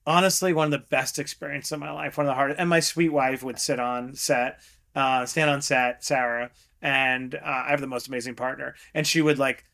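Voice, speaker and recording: A middle-aged man, a guest investor, chatting in an interview, telling lively stories and acting out quotes with frequent laughs. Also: medium pitch, fairly quick, creaky. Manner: animated storyteller, acts out quotes, laughs often. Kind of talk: casual interview chat.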